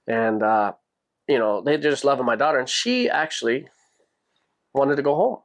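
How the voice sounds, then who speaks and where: A man hosting a podcast, telling a personal story in a casual, animated way and jumping his pitch up when he quotes people. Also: moderate pace. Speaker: podcast host.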